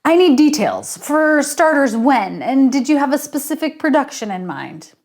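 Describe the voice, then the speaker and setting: A woman reading aloud, speaking as a polite, guarded and quietly sarcastic male theater director in her own voice. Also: high voice, sing-song, moderate pace, voice pushed up. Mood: wry. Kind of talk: audiobook character reading.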